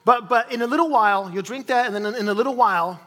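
A man's voice: extremely high pitch, fast, fairly bright tone. A pastor in his forties giving a sermon, talking conversationally and with animation, with repeated phrases and questions to the congregation. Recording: reverberant hall.

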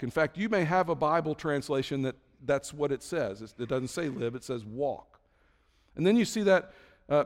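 A man preaching a sermon, telling homey stories in a relaxed, conversational way with lots of fillers. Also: medium pitch. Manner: conversational storytelling with frequent fillers. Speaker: pastor. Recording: long hall reverb.

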